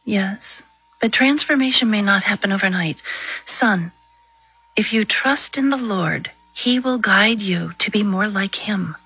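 An actress playing a devout Christian mother who talks gently and slowly in a husky voice. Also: mid-range voice, muffled recording, soft background music. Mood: gentle. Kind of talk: dramatized testimony reenactment.

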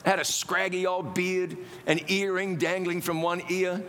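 High-voiced man telling a lively testimony. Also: normal speed, long reverb tail. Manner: animated, self-mocking storyteller. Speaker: preacher. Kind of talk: sermon testimony storytelling.

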